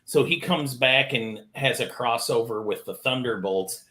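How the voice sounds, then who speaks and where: A man's voice: medium pitch, unhurried, pushed and bright. A man co-hosting a casual chat, explaining enthusiastically at length. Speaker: co-host.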